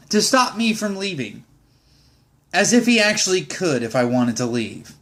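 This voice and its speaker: A man's voice: high voice, very animated, normal speed, fairly bright tone. A young man, a Marine sergeant, ranting in a vlog with exasperated, profane, rambling talk.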